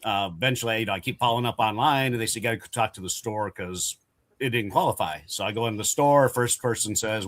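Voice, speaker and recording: A man's voice: fairly low pitch, fast talker, fairly bright tone, no room sound. A man telling a customer-service story in a casual panel talk. He chats along, laughs now and then and acts out the people he quotes.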